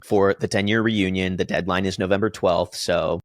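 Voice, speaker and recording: A man's voice: sits low, steady tone, moderate pace, no echo. A man in his late twenties co-hosting a podcast, chatting casually with lots of fillers and defensive banter. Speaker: podcast co-host. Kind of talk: casual chat.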